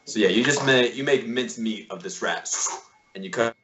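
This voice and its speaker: A man narrating as game master in a relaxed, easygoing way, often laughing. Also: medium pitch, a little fast, noisy background. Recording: dull lo-fi sound.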